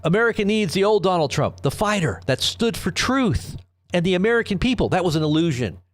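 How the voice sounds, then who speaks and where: A middle-aged man hosts a live news commentary stream, rambling and sarcastic. His fairly high voice swings widely in pitch as he mocks the quotes he reads out. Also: big pitch swings, a little fast. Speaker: host of an online news commentary show.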